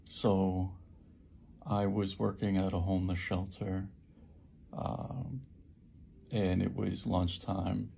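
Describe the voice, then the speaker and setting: Raspy gravelly guy telling what happened to him, lots of ums and restarts, dark low voice. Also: fairly even intonation, a little hiss or hum. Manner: halting, many fillers and restarts. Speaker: homeless shelter worker. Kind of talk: personal account of an attack.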